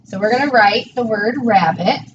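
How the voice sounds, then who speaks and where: A woman's voice: fairly high pitch, moderate pace. A woman teacher tutoring a child one-on-one in a patient, encouraging way, praising each answer. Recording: distant dull mic with faint noise.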